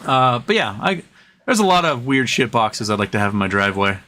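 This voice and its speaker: A man's voice: very animated, a little fast, pushed and bright. A man hosting a casual livestream from home, rambling between topics and reading out viewer comments. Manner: rambling, talks to his dog in a high coaxing voice. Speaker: livestream host. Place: home during a thunderstorm.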